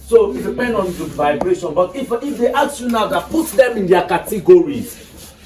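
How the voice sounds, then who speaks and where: A man with a high voice teaches English in a classroom, keeps stopping to check that his students are with him, and is recorded from across an echoey room. The sound is roomy and distant rather than close and dry. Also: animated, normal speed, over music. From Nigeria. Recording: echoey room, mic far off.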